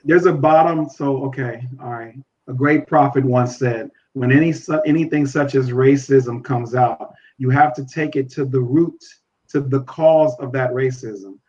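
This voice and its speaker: A man's voice: medium pitch, a little slow, darkish tone, dull audio. A man speaking earnestly as a podcast guest, repeating phrases for emphasis and acting out conversations.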